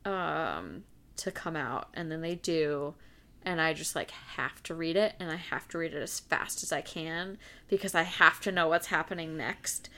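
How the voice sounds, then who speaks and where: A woman's voice: sits low, expressive, sharp tone. A young woman co-hosting a podcast, talking casually and hesitantly about a book, with many restarts. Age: young adult. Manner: hesitant, restarts, quick asides. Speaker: podcast co-host.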